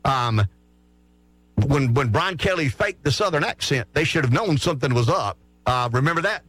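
A middle-aged man from South Carolina hosting opinionated sports talk radio, blunt and animated, often stammering and restarting his words. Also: fairly high pitch, moderate pace, breathy edge, soft background music. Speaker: radio talk show host.

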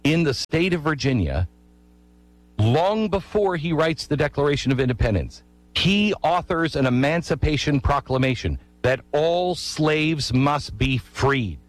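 A man tells history with emphatic force, his pitch rising and falling over a wide range. He keeps asking the listener pointed rhetorical questions. The recording is close and dry, with no room sound. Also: animated, unhurried, no echo, rough recording. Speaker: history speaker. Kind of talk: storytelling history talk.

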